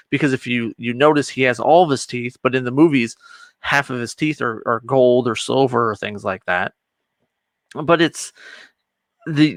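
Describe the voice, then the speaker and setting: Bright-voiced man co-hosting a reaction chat. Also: medium pitch, no echo. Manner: animated, acts out scenes. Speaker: co-host.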